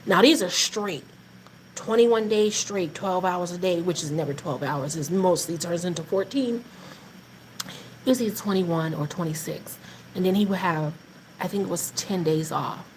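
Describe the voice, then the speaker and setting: A woman's voice: on the low side, moderate pace, slight background noise, poor audio. A woman hosting a live faith talk, mixing casual encouragement with funny family stories. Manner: animated, laughing, preachy encouragement in Southern Black vernacular. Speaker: host of a faith talk stream.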